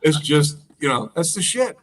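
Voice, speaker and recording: A man with a high, bright, sharp-edged voice spins a profane band story in loose conversation. He laughs as he goes and slips into quick impressions of the people he describes. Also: big pitch swings, distant mic, low-quality recording. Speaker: musician guest. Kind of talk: casual storytelling chat.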